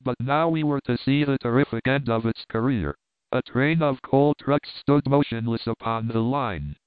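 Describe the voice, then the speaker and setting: A man narrating a story aloud in a steady, scripted reading voice. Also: mid-range voice, smooth, no echo. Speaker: audiobook narrator. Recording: dry, phone-like narrow sound.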